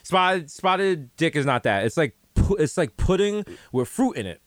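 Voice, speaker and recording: A man's voice: on the high side, sing-song, moderate pace, no echo. A young man co-hosting a podcast, talking in loose, profane banter and telling stories with acted-out quotes. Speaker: podcast co-host.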